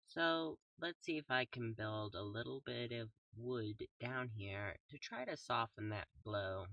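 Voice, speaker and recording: Young male gaming YouTuber, calm and soft-spoken, slow unhurried delivery, bright tone, dry sound a little off-mic. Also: mid-range voice, gravelly, no room sound, distant mic. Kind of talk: casual gameplay commentary.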